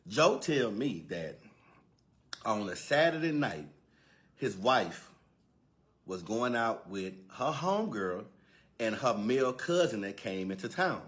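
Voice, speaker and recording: A man's voice: on the low side, big pitch swings, measured pace, pauses often, a bit bright. A man casually telling a comedic story in slangy speech, with repeated words and asides to the listener.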